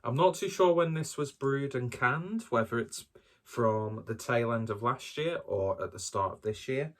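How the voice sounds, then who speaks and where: A man's voice: mid-range voice, unhurried. A man doing a casual solo beer review, talking in a rambling, hesitant and self-deprecating way.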